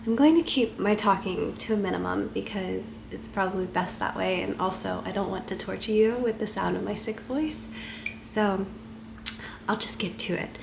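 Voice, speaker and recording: Congested woman chatting softly at home. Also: mid-range voice, moderate pace, gravelly, background noise. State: congested from a head cold. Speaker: vlogger. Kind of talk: casual chat to camera.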